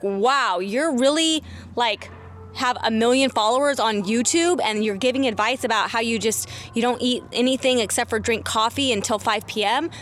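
High-voiced woman giving a casual pep talk. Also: slight background noise. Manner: casual and emphatic, swears when excited. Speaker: business coach. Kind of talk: motivational vlog. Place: outdoors, walking through her neighborhood.

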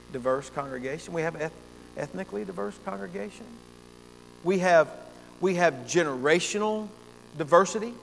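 In a church sanctuary, a pastor with a high-pitched voice and vocal fry preaches earnestly and emphatically, repeating phrases for stress. The recording has a long church reverb and a faint hum.

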